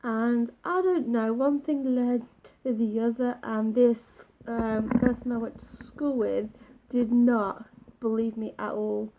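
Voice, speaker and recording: A woman telling a personal story in a halting, emotional way, with many restarts. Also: fairly high pitch, fairly even intonation, warm tone, a little hiss or hum, low-quality recording. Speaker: vlogger.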